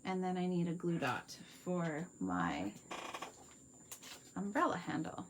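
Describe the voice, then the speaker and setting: A woman's voice: on the low side, big pitch swings, slow pace, noisy background. A Canadian woman hosting a live craft tutorial, chatting viewers through each step at her workspace and answering their comments. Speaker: card-making demonstrator.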